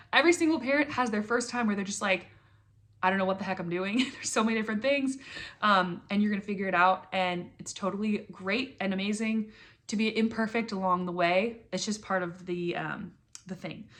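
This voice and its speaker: An earnest young woman speaks candidly to camera in a casual personal vlog. She talks at a middling pitch, with fillers and soft laughs, and sounds close to tears at times. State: emotional, near tears. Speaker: vlogger.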